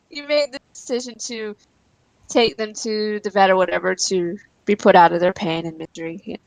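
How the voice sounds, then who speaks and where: A woman's voice: mid-range voice, animated, unhurried, a bit bright, dry recording, poor audio. A woman in casual chat, laughing often and telling emotional stories.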